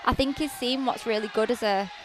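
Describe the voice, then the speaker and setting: A woman's voice: on the high side, brisk, background noise. Chatty Yorkshire woman guest. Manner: chatty, leans on "like" and "um". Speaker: guest, fighter's partner. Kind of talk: casual interview chat.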